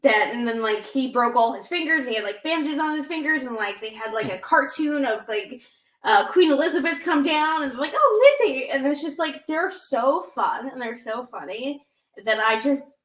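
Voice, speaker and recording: With a slightly high, fairly bright voice at a moderate pace and a roomy sound, a woman in her thirties chats as a podcast co-host. She rambles along with plenty of "like" and "um," playfully acting out the lines she quotes.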